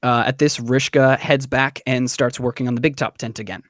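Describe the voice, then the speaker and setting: Dude game-mastering, lots of "like" and "uh", dry close sound. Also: male voice, medium pitch, steady tone, brisk, fairly bright tone, no echo. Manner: loose, filler-heavy narration. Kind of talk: narrating a tabletop game.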